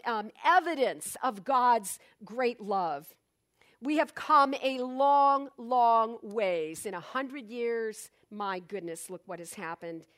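A woman with a high voice delivers an earnest, reflective inspirational sermon. She speaks slowly and deliberately, then swells with emphasis. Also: a bit bright. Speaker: speaker giving a morning spiritual talk.

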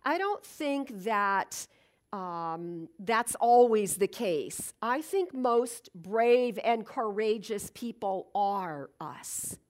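A woman's voice: mid-range voice, lively intonation, drawn-out words. A middle-aged woman giving an earnest, reflective inspirational talk, with fillers and restarts. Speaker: speaker.

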